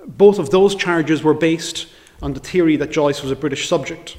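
A middle-aged barrister giving a formal history lecture, in a measured and deliberate delivery read from a prepared text. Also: male voice, fairly high pitch, darkish tone.

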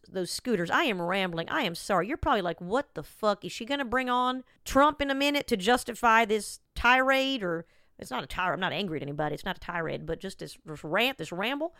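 A woman's voice: mid-range voice, a bit bright, dry recording, clean studio sound. A woman hosting a podcast, rambling through a comic monologue with wry, self-mocking asides. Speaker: podcast host, comedian.

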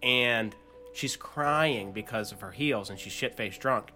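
A young man from the Pittsburgh area chatting casually, telling an animated story full of fillers and swearing. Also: fairly low pitch, measured pace, soft background music. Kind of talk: casual podcast chat.

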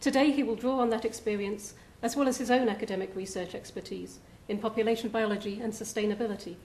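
Female host, measured scripted intro, roomy hall sound, faint rumble. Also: steady tone, a little mellow. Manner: measured, formal. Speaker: event host introducing a speaker. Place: lecture hall.

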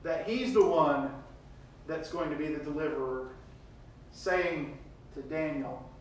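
A man's voice: a little high, takes it slowly, distant mic, a little hiss or hum. Man preaching in a very echoey room. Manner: reads scripture aloud and retells it with swings in loudness. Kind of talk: sermon.

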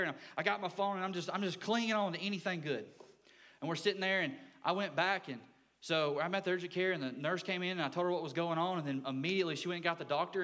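A young man preaches in church, his voice sitting a little high for a man. He tells stories in an earnest way and often jumps up in pitch with excitement. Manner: earnest, storytelling, excitable with sudden lifts in pitch. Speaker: youth pastor. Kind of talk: sermon.

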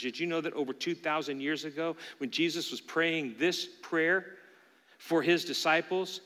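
A man's voice: a little high, normal speed, fairly bright tone. A man preaching a sermon as pastor, talking earnestly and conversationally to his congregation in a church. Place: church sanctuary. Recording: long hall reverb from a church room.

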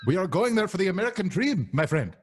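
A man's voice: high-pitched, big pitch swings, quick pace, husky, pitched above the performer's own voice, full character voice. A man voicing a boastful male murder hornet in broken English with a put-on Indian accent. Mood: grandiose. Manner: broken English, menacing and cocky.

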